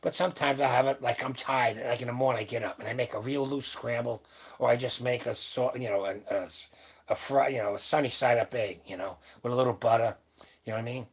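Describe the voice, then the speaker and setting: Speaking a little fast in a breathy, medium-pitched voice, this man in his seventies hosts a powerlifting channel's livestream and rambles casually in a blunt, salty style. The audio comes through a webcam or phone on the stream.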